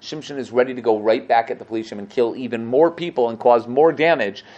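A man teaching a lively Torah class, acting out quotes and asking "right?" often. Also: medium pitch, fairly quick, dull audio. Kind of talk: animated classroom Torah lesson.

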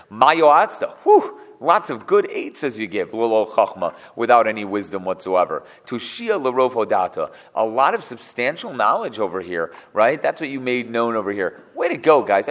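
A man's voice: mid-range voice, very animated, a little fast, hardly any pauses, natural voice. A man voicing a biblical figure who sarcastically mocks his friends, heard with long hall reverb. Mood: sarcastic. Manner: sarcastic, mock-polite.

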